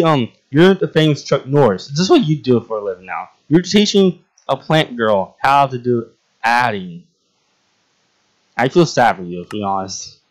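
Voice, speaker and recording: A young man casually chatting and role-playing while playing a game, often laughing and trailing off with fillers. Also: mid-range voice. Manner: giggly, rambling, voices many characters. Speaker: game roleplay host. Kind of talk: casual roleplay gameplay chat.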